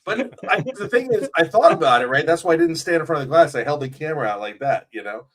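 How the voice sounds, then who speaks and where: A man's voice: fairly high pitch, expressive, fast talker. A man co-hosting a casual livestream, telling stories with hesitant fillers.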